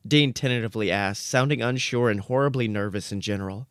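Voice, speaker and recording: A man reading out comic fan fiction in a dry, deadpan narrating voice. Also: medium pitch, a little fast, few pauses, clear, resonant tone, no echo.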